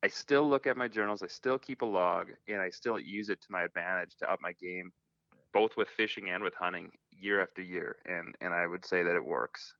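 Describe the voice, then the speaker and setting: A man's voice: low-pitched, fairly quick, gravelly, sharp tone, dry recording. A man talking as a guest in an interview, earnest and reflective, often restarting his sentences, over a phone line. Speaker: hunting guest. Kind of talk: casual interview talk. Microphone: phone call.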